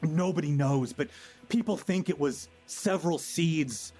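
A man's voice: on the high side, measured pace, warm tone, faint music behind. A man voicing a frightened, resentful ordinary townsman who swears and frets a lot. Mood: haunted. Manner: frantic, swearing, then sullen and resentful.

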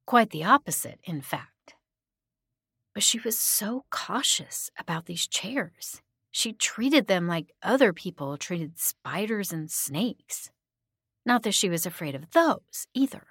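A soft-spoken woman narrates a first-person horror story. She often sinks into a hushed whisper. Her low voice sits close to the mic in a dry, deadened space. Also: no room sound.

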